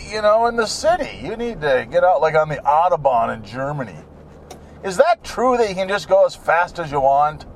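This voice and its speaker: Rambling, high-voiced man in a car. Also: a little hiss or hum. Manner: jokey, digressive, with many fillers. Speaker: solo talker. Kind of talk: rambling casual monologue. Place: inside a car while driving.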